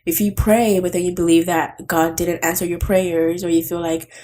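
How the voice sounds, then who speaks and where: Emphatic low-voiced woman, therapist guest. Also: level tone, moderate pace, dark tone. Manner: emphatic, preachy, many "you know"s. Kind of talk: casual conversation.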